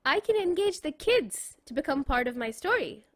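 A woman's voice: sits high, very animated, normal speed, a bit bright. A woman storyteller sharing how she engages children, in an earnest manner. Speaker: storyteller, panelist. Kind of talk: sharing views in a panel.

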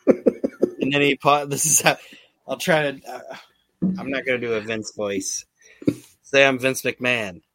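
Man, podcast host, casual rambling chat, mid pitch, dry close sound, lots of restarts. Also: steady tone, measured pace, long pauses, fairly bright tone, dry recording.

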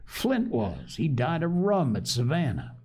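A man's voice: a little high, huge pitch swings, measured pace, darkish tone, slightly rough, voice pushed up, exaggerated voice. A man voicing a sly, scornful old pirate cook who talks in a growling pirate dialect. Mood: mocking.

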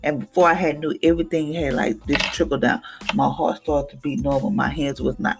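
Gravelly woman giving an emphatic devotional talk. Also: low voice, a little fast, music in the background. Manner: emphatic, animated, acts out what she said to others. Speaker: devotional podcast host.

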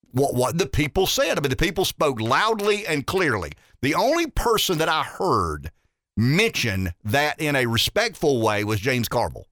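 A man's voice: on the high side, a bit bright, no room sound, clean studio sound. A man hosting a talk radio show, delivering an emphatic, opinionated political monologue and often repeating words as he builds a point.

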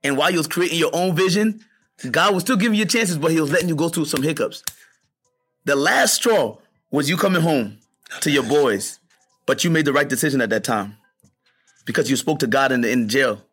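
A man's voice: fairly high pitch, lively intonation, brisk, fairly bright tone, slightly rough, faint music behind. A man cohosting a podcast, encouraging his guest with short affirmations and a preacher-like manner. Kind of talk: casual chat.

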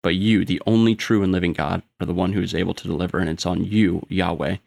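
A man explaining a Bible passage in a steady teaching manner with frequent ums. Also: low voice, fast, vocal fry, dry recording. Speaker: Bible study co-host. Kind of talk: explaining scripture.

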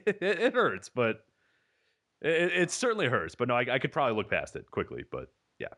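A man co-hosting a wrestling podcast, quick and agreeable, often laughing in casual chat. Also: medium pitch, wildly swooping pitch, pushed and bright. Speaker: podcast co-host.

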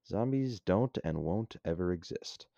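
A man's voice: low voice, animated, unhurried, gravelly, warm tone, no echo, lo-fi sound, heavily acted. A man voicing a grumbling young soldier who dismisses wild ideas, read out plainly. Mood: dismissive.

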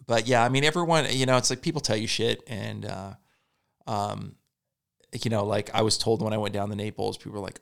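A man and stand-up comedian in casual podcast chat, rambling, repeating words, swearing and quoting people in quick asides. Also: on the low side, fairly even intonation, creaky.

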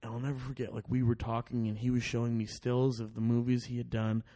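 A man's voice: medium pitch, completely flat delivery, fast, dark tone. A man telling a long story on a podcast in casual chat, swearing often, restarting sentences and acting out other people's lines. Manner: profane, rambling with restarts and acted-out quotes. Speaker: podcast guest.

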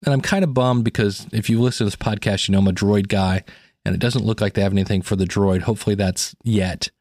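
Guy hosting a podcast, kinda low voice, rambly casual review, dry sound. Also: fairly even intonation, quick pace, darkish tone, no room sound. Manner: chatty, many fillers and restarts. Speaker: podcast host.

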